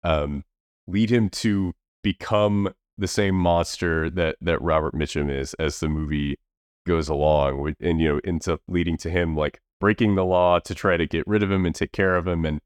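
This podcast co-host has a low, steady voice and talks at a normal speed while reviewing films. His chat is casual and rambling, full of fillers and restarts, captured in a dry, clean studio recording.

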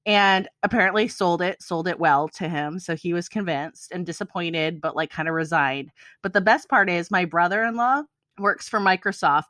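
A woman's voice: fairly low pitch, moderate pace, a bit bright, no echo, clean studio sound. An American woman co-hosting a podcast, telling a story in casual chat and laughing often. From United States. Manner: chatty storytelling, laughs and wheezes a lot. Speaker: podcast co-host.

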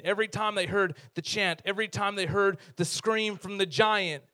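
High-voiced, lively male preacher. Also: normal speed. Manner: lively, conversational, humorous storytelling. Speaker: pastor. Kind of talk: sermon.

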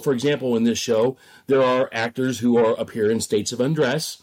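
Measured man talking about theater directing. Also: mid-range voice, steady tone, a little mellow. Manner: measured, thoughtful, hedging. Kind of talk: interview.

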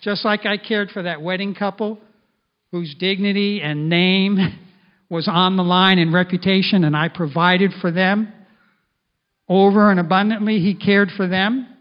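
A middle-aged male pastor preaching a sermon in an animated way, at times speaking in the first person as Jesus. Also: sits high, measured pace. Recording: dull lo-fi sound.

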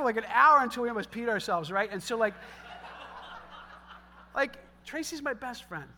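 High, bright-voiced male pastor preaching. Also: moderate pace, pauses often. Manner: animated, swings between loud preaching and soft storytelling; conversational, joking asides. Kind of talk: sermon.

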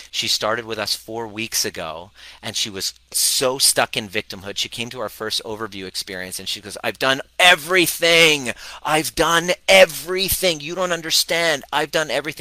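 A man coaching live on a stream, energetic and blunt, acting out his clients' worries in quick quoted voices. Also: fairly low pitch, no room sound, rough recording.

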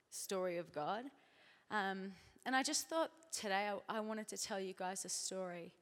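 A woman's voice: medium pitch, normal speed, in a large hall. An Australian woman in her thirties giving a chatty, self-deprecating church talk at a conference, full of filler words. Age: 30s. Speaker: conference speaker.

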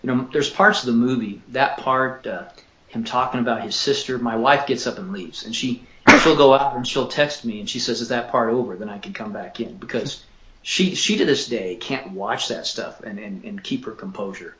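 A man in his fifties, an author and father, telling a personal story in an earnest, halting way that repeats words when he is moved. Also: medium pitch, a bit bright, a little hiss or hum. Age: 50s. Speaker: author and father interviewed about his book. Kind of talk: emotional personal storytelling in an interview. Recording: roomy echo.

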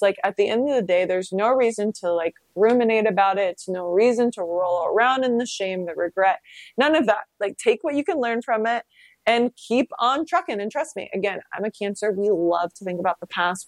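A woman in her thirties talks straight to the listener in a loose, candid self-help monologue, dropping swear words and acting out bits of conversation. Her pitch sits mid-range, and the room is dry and close with almost no echo. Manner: candid, swears freely, storytelling with quoted dialogue.

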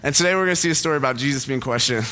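A man's voice: medium pitch, rapid-fire, background noise. A young man preaching a casual sermon in a church, chatty and self-deprecating, telling a story about himself. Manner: chatty, self-deprecating, laughs at own jokes. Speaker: pastor. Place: church auditorium.

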